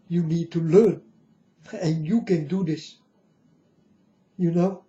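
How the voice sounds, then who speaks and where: Slow, dark-voiced man in a dull recording. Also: a little high, fairly even intonation. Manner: earnest, solemn, repeatedly addresses listeners as folks. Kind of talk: emotional monologue to camera.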